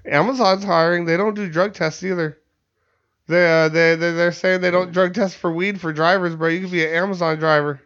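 A man's voice: high voice, fairly even intonation, brisk, a bit bright. A man hosting a podcast in casual chat, rambling and swearing with many stammered restarts. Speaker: podcast host. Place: studio. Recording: muffled lo-fi podcast audio.

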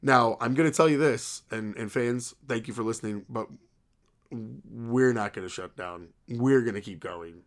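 A man's voice: medium pitch, normal speed. A man in his thirties co-hosting a podcast, telling stories in a rambling casual way with lots of "like" and quoted dialogue. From New York area. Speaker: podcast co-host. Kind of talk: casual chat.

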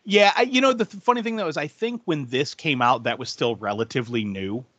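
A man's voice: mid-range voice, fairly quick, a bit bright, dry recording. A man co-hosting a casual film podcast, enthusiastic and giggly, who swears casually and laughs often. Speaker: podcast co-host.

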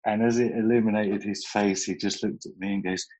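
A man's voice: lowish voice, flat delivery, fairly quick, a little mellow, low-quality recording. A middle-aged man, chatting casually and telling stories, laughing often and swearing freely. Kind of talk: casual chat.

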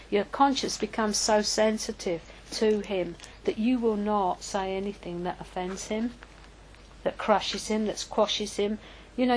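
An older woman preaching in a relaxed, conversational way. She tells personal stories and often stops to correct herself, at a medium pitch. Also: a little hiss or hum, low-quality recording. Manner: chatty and anecdotal, with self-corrections. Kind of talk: informal teaching talk.

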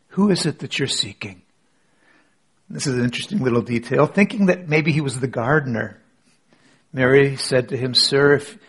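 A man preaching a sermon in a church, storytelling with dramatic swings and dropping to a hush for emphasis. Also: medium pitch, slightly rough. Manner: dramatic, drops to near whisper for emphasis. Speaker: pastor. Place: church with online audience.

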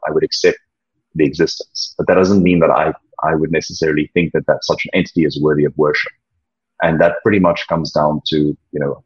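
A man with a very low, husky voice talks slowly through his thoughts, stalling and repeating himself as he searches for words. The recording sounds dull and lo-fi. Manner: halting, repeats words, many ums. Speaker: interview guest, former church leader. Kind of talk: reflective conversational interview. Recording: dull lo-fi audio.

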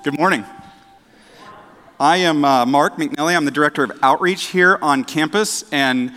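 A man preaching a casual sermon, chatty and self-deprecating, with halting restarts and dad jokes. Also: on the high side, sharp tone. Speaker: director of outreach, preaching. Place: church sanctuary. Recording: echoey church hall.

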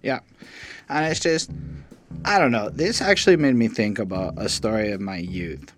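A man's voice: fairly low pitch, normal speed. A man in his thirties co-hosting a music review podcast, talking in a candid, profane and reflective way. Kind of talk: casual chat.

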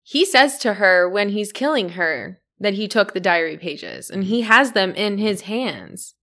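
A woman's voice: medium pitch, lively intonation, measured pace, a bit bright. A woman in casual chat, puzzled and questioning, laughing easily as she talks. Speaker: podcast co-host.

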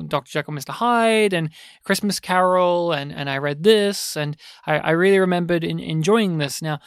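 Smooth-voiced rambling podcast host. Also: male voice, a little high, no room sound, clean studio sound. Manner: rambling, hesitant, many fillers and restarts. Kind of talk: casual film discussion.

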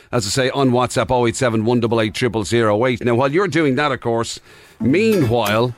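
An Irish man hosting a radio show, reading time checks and teasing his co-host with dry sarcasm. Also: medium pitch. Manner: dry teasing sarcasm, smooth presenter links. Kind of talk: radio presenting and banter.

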